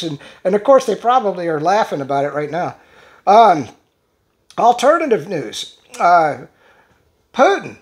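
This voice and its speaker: A man's voice: high-pitched, big pitch swings. A man reads social media posts aloud on his own commentary show. He stumbles over words and restarts them, breaking off for sarcastic, conversational asides. The delivery stays loose and unscripted. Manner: halting, restarts words while reading. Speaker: channel host.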